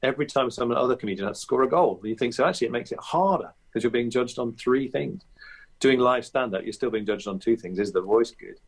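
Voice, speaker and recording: A man's voice: medium pitch, quick pace, breathy edge. A male comedian and impressionist, the guest on a podcast interview, reflective and chatty with many restarts and asides.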